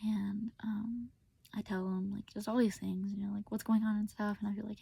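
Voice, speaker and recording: A woman's voice: mid-range voice, little pitch movement, normal speed, gravelly, dark tone, slightly rough, no echo. A young woman telling a personal story in a rambling, casual way with lots of filler words, often half-whispered, recorded on a phone. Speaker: vlogger.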